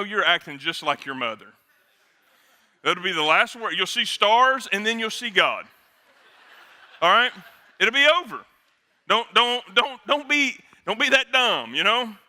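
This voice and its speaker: A middle-aged male pastor preaching with a high, ringing voice. He keeps it conversational, tossing in quick jokes and asides as he talks to the men in the room. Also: pushed and bright. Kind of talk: sermon.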